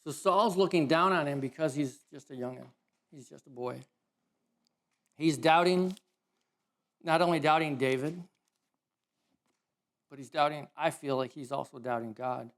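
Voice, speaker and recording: Animated higher-voiced male preacher. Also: measured pace, pauses often. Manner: casual, animated storytelling with self-corrections. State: emotional. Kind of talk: sermon.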